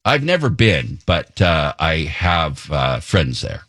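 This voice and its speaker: A man's voice: rumbling low, sing-song, slow, a bit bright, no echo. A middle-aged man hosting a radio morning show, bantering casually with a rambling, playfully opinionated, joking manner in a studio.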